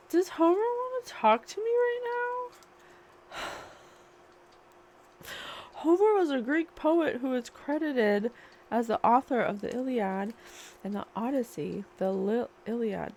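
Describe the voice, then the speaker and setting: A woman's voice: a little high, darkish tone, a little hiss or hum. A woman channeling a spiritual reading, musing and questioning aloud as she asks spirit for answers. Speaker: psychic reader.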